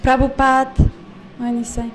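Woman, high voice, patient pronunciation teacher in a live class, noisy recording. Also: level tone. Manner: patient, corrective, repeats words slowly and precisely.

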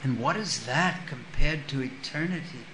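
A man giving a sermon, reading a scripture passage and explaining it with lively stories. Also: medium pitch, moderate pace, reverberant, noisy background. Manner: storytelling with acted-out voices. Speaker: spiritual teacher.

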